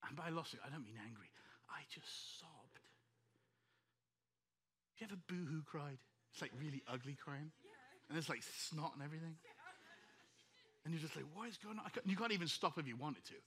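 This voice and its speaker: A middle-aged English man, a pastor, preaching a sermon with emotional, animated storytelling to his congregation. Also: on the high side, quick pace.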